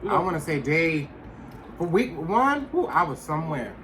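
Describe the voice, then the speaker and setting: A man's voice: fairly high pitch, moderate pace, a little hiss or hum. A man co-hosting a podcast, chatting casually and expressively over a meal. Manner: expressive, colloquial. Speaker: podcast co-host.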